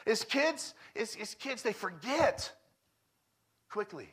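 A man, a guest preacher in his thirties or forties, giving a conversational sermon with personal stories, repeating phrases emphatically and swinging from loud declarations to hushed, quiet stretches. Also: sits high, very animated, takes it slowly, husky.

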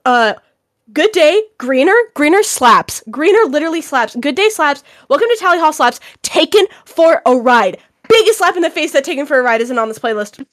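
A young woman co-hosting a casual podcast, ranting in an animated, exaggerated way and leaning on "literally". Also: high-pitched, moderate pace, no room sound, clean studio sound. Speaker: podcast co-host. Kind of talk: casual chat.

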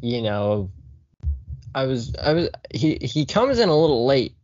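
A man's voice: medium pitch, sing-song, unhurried, darkish tone, dull audio, faint music behind. A man co-hosting a casual movie podcast, joking and swearing as he rambles about the cast. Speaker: podcast co-host.

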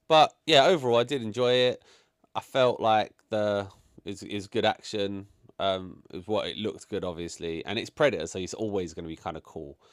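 A man talks through his opinions in a casual chat, swearing freely and filling gaps with "like" and "um". His pitch swings widely, though his voice sits on the low side. The recording is dry and close. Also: no echo. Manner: blunt, sweary, animated opinions with frequent fillers. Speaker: podcast co-host reviewing a film.

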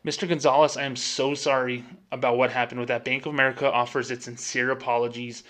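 A man playing an overly polite bank phone representative who speaks with smooth, scripted, apologetic courtesy. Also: medium pitch, flat delivery, fast, a bit bright, natural voice. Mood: falsely apologetic.

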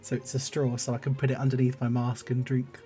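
A man's voice: medium pitch, completely flat delivery, brisk, mellow, faint music behind. Rambling hesitant man player. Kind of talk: casual tabletop game play.

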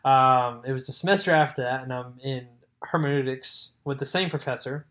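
A young man talks in a relaxed podcast chat. His voice sits at an ordinary middle pitch, and his manner is easygoing and quick to laugh. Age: young adult. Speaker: podcast co-host. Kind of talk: casual chat.

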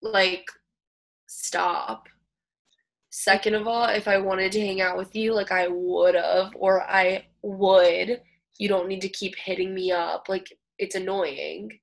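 A woman's voice: medium pitch, flat delivery, takes it slowly, vocal fry. A woman co-hosting a podcast in casual chat, chatty and eager, laughing often. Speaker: podcast co-host.

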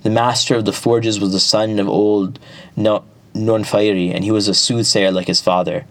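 A man narrating an epic folk tale at a measured pace, with small restarts. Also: on the low side, flat delivery, no room sound. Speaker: storyteller.

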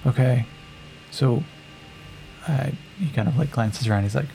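A man narrating a solo tabletop game and rolling on tables, in a relaxed way with many fillers. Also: mid-range voice, measured pace, vocal fry, long pauses, faint music behind, rough recording.

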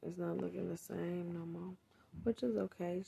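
A woman with a low, gravelly voice tells a casual vlog story straight to her viewers. She curses freely and swings from quiet, muttered asides to loud, heated bursts. There is a faint hiss of background noise. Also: flat delivery, measured pace. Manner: talks straight to viewers, with frequent cursing. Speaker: vlogger and mother.

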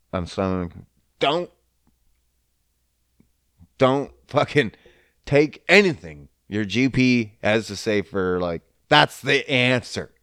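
A man's voice: mid-range voice, clear, resonant tone, no echo, studio quality. A man in a casual, profane rant who swears often and slips into mocking voices. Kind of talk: casual ranting monologue.

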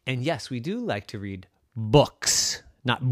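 A man narrating a made-up story in a playful, lively way, as a parent at bedtime. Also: medium pitch, takes it slowly, hardly any pauses, no room sound, clean studio sound. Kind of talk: improvised storytelling.

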